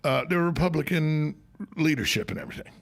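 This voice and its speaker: A man's voice: a little high, lively intonation, fast talker, vocal fry. A man hosting a talk radio show, telling jokes and stories in a casual, emphatic way. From United States. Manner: storytelling, joking, emphatic. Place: radio studio.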